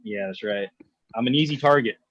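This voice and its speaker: A man's voice: mid-range voice, brisk, a bit bright, dull audio. A man co-hosting a podcast, chatting casually with friends, laughing often and swearing freely in jokey banter. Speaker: podcast co-host. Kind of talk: casual chat.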